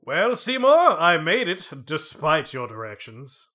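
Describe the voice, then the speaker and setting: A stiff, exasperated middle-aged school inspector, as a man puts him on, delivering lines with lively ups and downs. His voice is bright and clear. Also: a little high, a little slow, full character voice. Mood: gruff.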